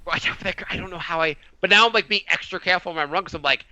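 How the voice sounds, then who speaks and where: A man co-hosting a podcast in casual chat, telling a story with animated voiced quotes. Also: sits high, racing, dry recording, dull audio. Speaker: podcast co-host.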